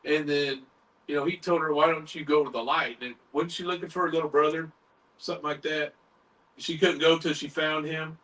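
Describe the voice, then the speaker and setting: A man hosting a paranormal chat show tells a story in a loose, animated way, acting out what others said. His voice is high and bright. He sounds a little distant from the microphone. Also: a little fast. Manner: animated, retells others' words in quotes, swears casually. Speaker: paranormal podcast host.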